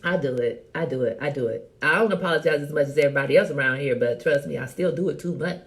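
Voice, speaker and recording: A middle-aged woman hosting a casual live chat, teasing and animated, talking straight to her viewers by name. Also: sits low, fast talker. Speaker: host.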